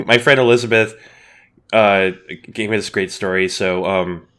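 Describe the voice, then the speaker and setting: A man's voice: on the low side, fairly even intonation, measured pace, fairly bright tone. A man co-hosting a podcast in casual chat, playful and campy, telling stories with a grin. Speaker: podcast co-host.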